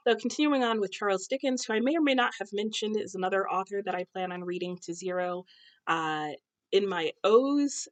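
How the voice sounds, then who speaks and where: A young American woman chatting casually to camera about books at home, with many ums and self-corrections. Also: on the low side. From United States. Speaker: booktuber. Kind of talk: casual book chat to camera. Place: home, husband cooking nearby.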